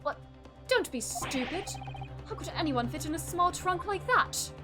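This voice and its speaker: A woman's voice: extremely high pitch, expressive, a little slow, music in the background, voice pushed up. A woman voicing a suspicious old male traveler with a put-on Russian accent, curt and hostile.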